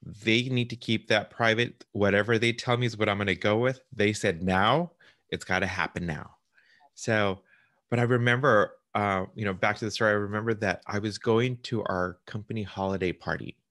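A man's voice: fairly low pitch, fairly even intonation, moderate pace, a bit bright, dry recording, clean studio sound. A man, a realtor, telling a client a story in casual chat, acting out the voices of people on the phone. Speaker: realtor hosting a client interview.

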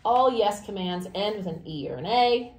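A woman's voice: medium pitch, expressive, moderate pace. A woman teaching a Spanish grammar lesson to a class, explaining step by step and asking questions. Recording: echoey classroom, faint noise.

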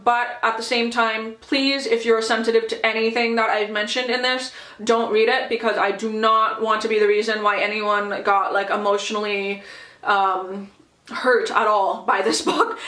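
A woman's voice: a little high, fairly bright tone. Chatty young woman, echoey room. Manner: gushing, chatty, many fillers and "like". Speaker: book vlogger. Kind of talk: casual book review vlog.

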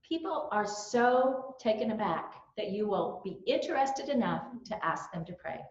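A middle-aged woman with a Southern US accent, telling stories in a lively way at a church training. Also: a little high, normal speed, few pauses. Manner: lively storyteller, animated quotes and laughs. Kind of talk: church talk with personal stories. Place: church hall. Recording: roomy, dull-sounding church recording.

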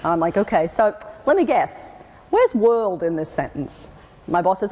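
A woman's voice: mid-range voice, very animated, normal speed, mellow. An Australian woman giving a humorous conference talk, telling wry stories and acting out other people's voices. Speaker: keynote speaker. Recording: hall with long reverb.

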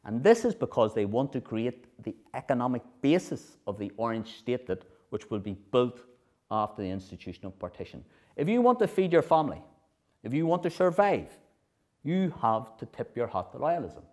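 A middle-aged man giving a history lecture, lively, often checking in with his audience. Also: mid-range voice, moderate pace. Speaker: speaker at a political history festival.

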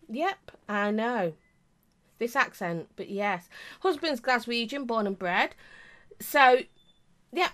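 Chatty English woman vlogger, lively. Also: fairly high pitch. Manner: chatty and rambling, with many asides. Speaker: vape reviewer. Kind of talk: casual chat to camera.

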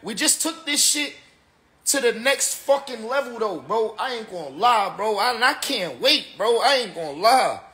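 A man's voice: sits high, big pitch swings, normal speed, pushed and bright. Tipsy man ranting on a livestream. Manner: emphatic and repetitive, slangy. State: tipsy from drinking. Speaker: battle rapper. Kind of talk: casual livestream rant.

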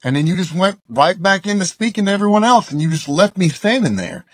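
A man's voice: high voice, expressive, fairly quick, no echo. A man from Arkansas, a musician and youth speaker, telling a story in a casual interview. He is loose and chatty and acts out the dialogue he quotes.

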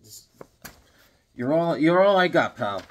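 Grim vengeful comic antihero guy, low gruff threats, a man putting him on. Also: sing-song, a little slow. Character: brooding vengeful male superhero, grim and desperate.

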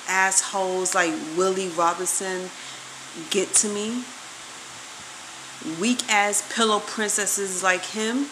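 A woman's voice: lowish voice, noisy background. A woman vlogging to her viewers, venting emphatically and swearing freely as she talks straight to the camera. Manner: emphatic, profane, addresses viewers directly.

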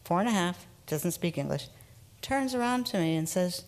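A woman's voice: fairly low pitch, moderate pace. A woman trauma therapist telling a story to an audience, talking casually and acting out what people said. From United States. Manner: animated, casual, acts out quotes. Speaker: trauma therapist giving a talk. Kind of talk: storytelling presentation.

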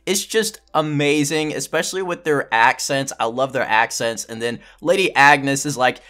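A young man hosting a gaming channel, talking in an excited, hyped-up casual commentary. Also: mid-range voice, normal speed. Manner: hyped, enthusiastic. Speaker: gaming YouTuber.

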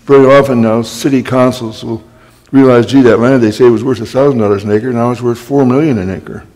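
An older man, a guest speaker, telling wry anecdotes in a storytelling talk and clearing his throat often. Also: medium pitch, steady tone, a little fast, darkish tone. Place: library talk hall. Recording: long hall reverb.

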